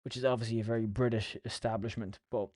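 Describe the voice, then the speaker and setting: A man's voice: on the low side, little pitch movement, fast talker, a little mellow, no echo, studio quality. Irish man rambling on a solo podcast. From Ireland. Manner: swears a lot, chatty and self-mocking. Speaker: podcast host. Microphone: podcast mic.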